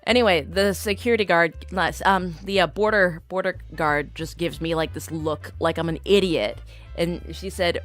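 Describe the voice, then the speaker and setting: A young woman streamer with a lowish voice tells an exasperated travel story at a moderate pace, faint music behind her. She's casual and animated, acting out the voices of the people she met.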